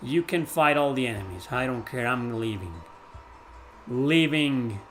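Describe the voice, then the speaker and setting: A man doing live gameplay commentary, chatting with viewers, swearing and shouting at the game. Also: medium pitch, animated, a little slow, faint music behind. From Mexico. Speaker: gaming streamer.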